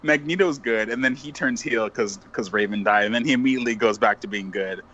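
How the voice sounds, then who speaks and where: A man's voice: medium pitch, brisk, a bit bright. A man with an ordinary mid-range voice who gives blunt, opinionated takes and swears casually. The sound is slightly dull and lo-fi. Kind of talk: casual podcast chat.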